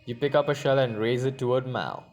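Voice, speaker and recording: A man's voice: mid-range voice, a little fast. A man reading an interactive story game aloud with chatty asides and frequent laughs. His voice sits in a plain middle register, and faint music plays underneath. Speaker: game narrator and player.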